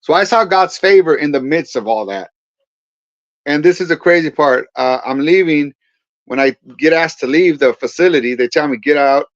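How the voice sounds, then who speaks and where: Animated man telling a testimony. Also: fairly high pitch, moderate pace, no echo. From Central Valley of California. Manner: animated storyteller acting out quoted dialogue. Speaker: guest, pastor and Marine veteran. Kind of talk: personal testimony in a podcast interview. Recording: dull, dry podcast audio.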